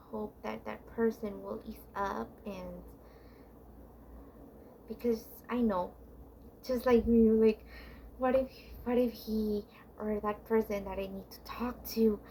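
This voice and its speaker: A woman's voice: a little high, a little mellow, a little hiss or hum. A woman vlogger giving heartfelt relationship advice in a casual, confiding monologue, rambling with frequent restarts and fillers.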